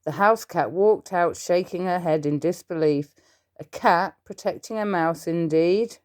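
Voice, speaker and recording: A woman's voice: lowish voice, a little slow, a little mellow. A woman reading a children's storybook aloud, adding little asides to the listener.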